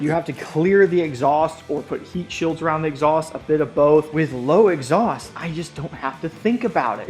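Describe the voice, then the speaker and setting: A man's voice: a little high, a little mellow. Sarcastic young man vlogging about motorcycles. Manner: dry sarcasm, playful. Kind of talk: sarcastic casual vlog talk.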